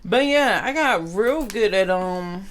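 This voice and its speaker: A young adult woman vlogger telling a casual story to her viewers in an animated, slangy way. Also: medium pitch, slow pace, slight background noise.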